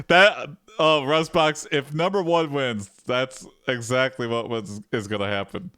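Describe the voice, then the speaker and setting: Slow-talking male streamer. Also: medium pitch, pushed and bright, clear, resonant tone, dry recording. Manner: drawn-out typing dictation, crude jokes. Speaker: streamer running an interactive AI story. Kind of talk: casual live-stream commentary.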